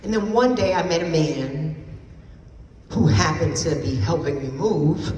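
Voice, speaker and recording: A woman's voice: sits low, unhurried, a little mellow, slight background noise. A woman giving an emphatic personal testimony as a keynote speaker at an event, repeating phrases for effect. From New Jersey. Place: event hall. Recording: roomy hall from a distance.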